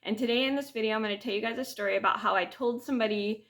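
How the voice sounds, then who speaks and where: Bright-voiced woman telling a rambling story. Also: on the high side, very fast. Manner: rambling, with many restarts and fillers. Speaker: vlogger. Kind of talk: casual storytelling to camera. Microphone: camera mic.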